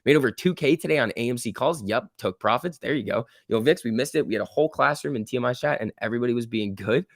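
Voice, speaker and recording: A man hosting a live stock trading stream, reacting excitedly to price moves and chatting casually with viewers. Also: mid-range voice, quick pace, no echo, studio quality. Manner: excitable, exclaiming at price moves, reading chat aloud. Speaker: stock trading livestream host.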